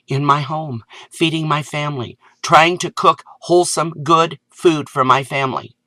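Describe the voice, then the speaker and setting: A woman vlogger delivering an indignant, sarcastic rant that climbs into loud exasperation. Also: low-pitched, steady tone, moderate pace, few pauses, no echo. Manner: sarcastic asides. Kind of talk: ranting video commentary.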